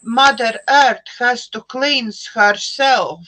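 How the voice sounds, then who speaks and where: A middle-aged woman with an Eastern European accent hosts a live online chat, her voice bright and fairly high. She talks very slowly, pausing and restarting as she searches for words over a video call. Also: steady tone, low-quality recording. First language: an Eastern European language. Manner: slow, searching, with many fillers and restarts. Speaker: host.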